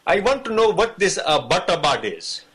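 A man voicing a pompous, flowery figure who lectures on the correct way to say a word, speaking grandly and slowly. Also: sits high, very animated, noisy background. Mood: grandiose. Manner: grandiose, flowery, slow-spoken. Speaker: video maker.

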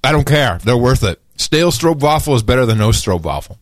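A man hosting a casual talk show, joking and animated, tossing in mocking impressions. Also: medium pitch, fairly quick, dry recording. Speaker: podcast host. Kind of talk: casual chat.

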